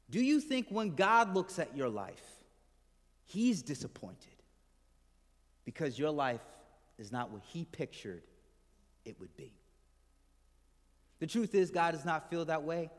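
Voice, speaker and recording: A man preaching a sermon to a congregation, chatting and asking them questions, letting his voice drop soft and low at the ends of phrases. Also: sing-song, measured pace, pauses often. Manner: conversational, asks the congregation questions. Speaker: pastor. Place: church hall with congregation. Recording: hall reverb from the room.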